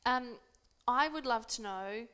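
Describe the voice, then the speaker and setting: A woman co-hosting a casual talk show, her voice sitting a little high. She encourages her guest and keeps the chat moving with quick, friendly prompts. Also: pushed and bright, clean tone. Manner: encouraging, brief interjections. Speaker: co-host.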